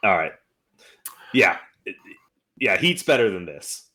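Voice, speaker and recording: A man's voice: deep voice, sing-song, unhurried, bright, forceful tone. A man co-hosting a movie podcast, chatting casually in a blunt, enthusiastic way. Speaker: podcast co-host. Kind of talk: casual chat.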